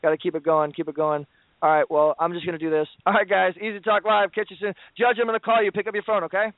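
A man's voice: high-pitched, flat delivery, fast, no room sound. A man hosting a radio talk show, wrapping up with effusive, pleading plugs and playful banter. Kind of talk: excited promotional sign-off. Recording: tinny phone-like line, dry.

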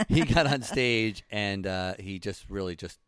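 A man hosting a casual chat, telling stories in a relaxed, loose way. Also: lowish voice, slow, no room sound. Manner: relaxed storytelling, loose and chatty. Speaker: podcast host.

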